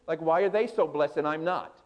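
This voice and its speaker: Preacher guy with a high voice, super dramatic sermon, swings loud to hushed. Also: a little fast, dull audio. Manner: dramatic, voicing scripture with swelling intensity.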